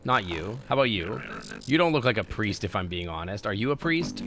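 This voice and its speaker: A male game streamer with a bright, forward voice that swings widely in pitch as he talks. He chats casually to his viewers between moves and drops the odd swear word. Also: fairly quick, faint music behind. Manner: animated, chatty, swears casually. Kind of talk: casual gameplay chat.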